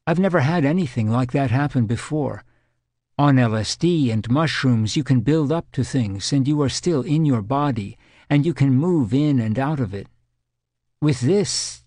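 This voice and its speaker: A man reading an audiobook, voicing a frightened woman in her thirties who recalls a terrifying experience in halting, earnest words. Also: medium pitch, animated, a little mellow, no room sound, clean studio sound. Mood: shaken. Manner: shaken, halting, earnest recollection.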